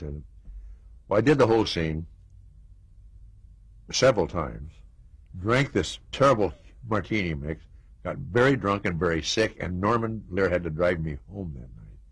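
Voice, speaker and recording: A man's voice: low-pitched, expressive, normal speed, breathy edge, no room sound. An older American man reminiscing in an interview, telling stories with chuckles and asides. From United States. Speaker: interview guest.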